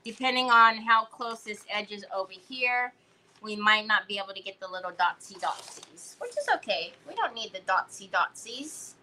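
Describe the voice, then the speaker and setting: Bright, high-pitched chatty woman host. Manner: chatty and playful, uses cutesy baby talk; reads out viewers' chat comments. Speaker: crafting livestream host. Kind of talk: casual live-stream chat while crafting.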